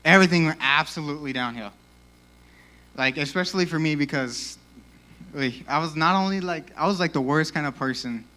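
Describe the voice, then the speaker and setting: Young guy preaching at youth service, kinda high voice, says like a lot, a little out of breath. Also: a little fast. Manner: casual, animated, lots of 'like'. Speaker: youth speaker. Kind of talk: youth sermon. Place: church.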